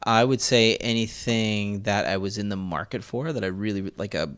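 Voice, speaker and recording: A man's voice: lowish voice, moderate pace, fairly bright tone, clean tone. A man co-hosting a podcast, talking casually and laughing often with his friends. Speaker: podcast co-host. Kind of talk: casual chat.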